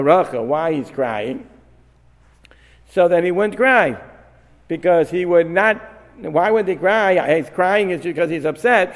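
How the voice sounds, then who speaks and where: A man leads a religious study lesson, reasoning aloud and posing questions to himself with frequent restarts. His voice sits slightly high for a man. A long hall reverb trails behind every phrase. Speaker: Torah teacher. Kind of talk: Talmudic-style study lesson.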